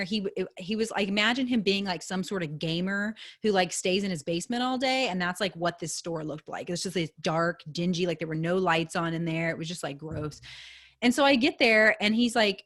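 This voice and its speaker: Animated storytelling woman podcaster. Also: mid-range voice, brisk. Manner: animated storytelling, swears freely, acts out quoted dialogue. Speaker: podcast host. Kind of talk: casual storytelling chat.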